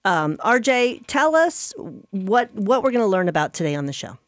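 A woman hosting a casual radio chat, talkative and quick to correct herself and laugh. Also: medium pitch, sing-song, no echo. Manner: chatty, self-correcting, laughs easily. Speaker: radio show host.

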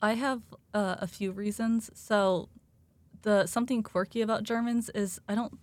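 A young woman chats casually on a student panel in a flat, level tone. The sound is dry and close, and she strings her points together with "like" and "so.". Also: mid-range voice, moderate pace, no echo. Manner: chatty, laughs between points, many "like" fillers. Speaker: student studying German.

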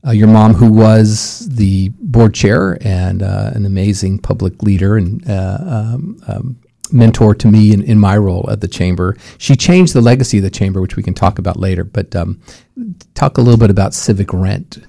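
A man's voice: fairly low pitch, normal speed, creaky, warm tone, no echo, studio quality. A man interviewing a guest, asking long, hesitant questions full of fillers. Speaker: interviewer, former chamber president. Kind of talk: interview conversation.

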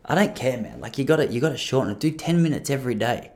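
A man's voice: mid-range voice, animated, fast, a little mellow, pitched below the performer's own voice, lightly acted. A man putting on the voice of a blunt, laid-back male mate with a tough-guy drawl, mumbled and dismissive.

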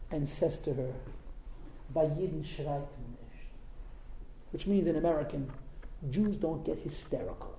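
In an informal religious talk, a man tells a story in a conversational, emphatic way, tossing asides to his listeners. His voice is fairly high and mellow. The recording has a roomy echo with slight, faint background noise.

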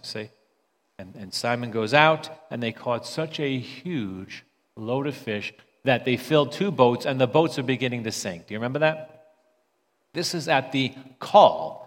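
A man preaching in a loose, conversational way, with pitch around the middle for a man. He often trips and repeats small words as he restarts a thought. His voice rings out with the long reverb of a large hall. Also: animated, unhurried. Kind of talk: sermon.

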